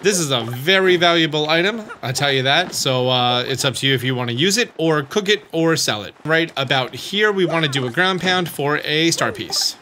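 A man's voice: on the high side, lively intonation, normal speed, few pauses, sharp tone, slight background noise. A man hosting a let's play, explaining the game in a casual, chatty way. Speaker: gaming channel host.

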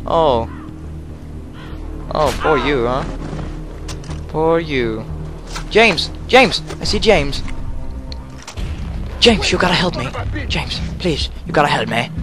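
A man commenting on a video game as he plays, excitable and quick to cry out at what happens on screen. His voice sits a bit high but he talks slowly, while loud game music and car sounds run under him. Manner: excitable, exclaiming, yelling at the game. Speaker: gamer. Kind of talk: let's play commentary.

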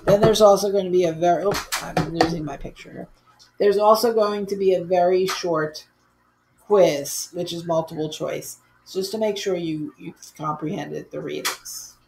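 A woman's voice: fairly low pitch, moderate pace, gravelly, noisy background. A woman college instructor giving a recorded online course lecture in a conversational, easygoing way, with frequent fillers and restarts.

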